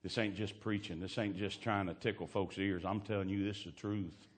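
A man preaching a fervent sermon, swinging from hushed asides to shouting. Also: lowish voice, fairly even intonation, brisk.

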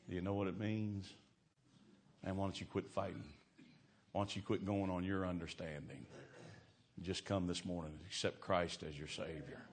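Middle-aged preacher, man, folksy and exclamatory, slightly low voice. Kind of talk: evangelistic sermon with storytelling.

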